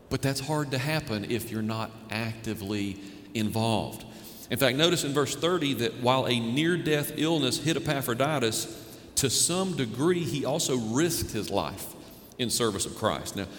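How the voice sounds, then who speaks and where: A pastor delivers his sermon at an ordinary pitch, earnest and searching, and he often restarts his phrases mid-thought. His voice carries a long reverb through a roomy sanctuary. A faint low rumble runs underneath. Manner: earnest preaching with frequent restarts and rhetorical questions. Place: church sanctuary. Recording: echoey hall with faint noise.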